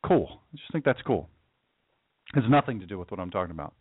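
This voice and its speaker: A man's voice: on the low side, very animated, fast, breathy edge, dry recording. A male talk show host delivering an impassioned political monologue from his studio, emphatic and repetitive, often stammering and restarting as he pushes his point. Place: home studio. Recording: dry, tinny phone-like sound.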